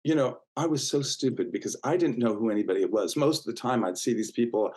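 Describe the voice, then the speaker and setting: A man's voice: mid-range voice, fast talker, low-quality recording. Chatty man telling old stories. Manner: warm, chatty, full of fillers and restarts, acts out quoted voices. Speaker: interview guest. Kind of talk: casual storytelling interview.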